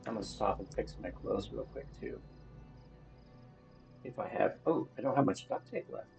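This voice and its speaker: A man's voice: lowish voice, moderate pace, creaky, darkish tone, faint music behind, poor audio. A man talking to himself while playing a survival game, grumbling and swearing at what happens on screen. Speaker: gaming streamer. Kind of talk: solo gameplay commentary.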